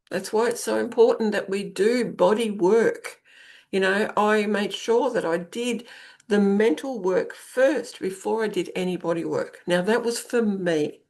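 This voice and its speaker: A woman's voice: mid-range voice, a little mellow. A middle-aged woman hosting a podcast, talking through self-help ideas in a conversational coaching manner and repeating phrases for emphasis. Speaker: podcast host and intuitive coach. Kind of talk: spoken self-help monologue.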